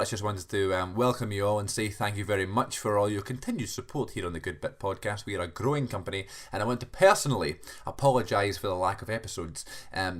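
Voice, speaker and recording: A man's voice: on the low side, a bit bright. A male podcast host giving a chatty, rambling solo cold open, joking at his own expense and restarting sentences.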